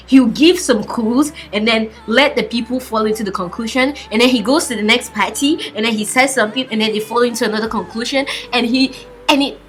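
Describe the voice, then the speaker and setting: A young woman reviewing a drama episode in an excited, casual way, giggling and breaking into high squeals.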